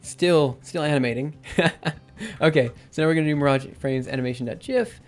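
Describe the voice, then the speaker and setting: A man's voice: a little high, a little fast, soft background music. Young man live coding, thinking aloud. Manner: thinks aloud with many fillers and self-corrections. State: losing his voice. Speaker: livestreaming programmer. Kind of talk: casual live coding commentary.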